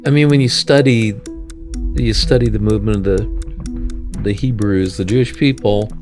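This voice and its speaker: A man co-hosting a casual chat, dropping dry, quick quips. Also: on the low side, music in the background. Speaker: podcast co-host.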